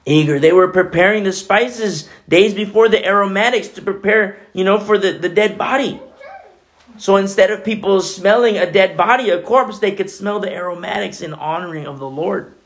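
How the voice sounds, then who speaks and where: A man's voice: high voice, moderate pace. Conversational male preacher. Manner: conversational, animated preaching with many asides. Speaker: pastor. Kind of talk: sermon.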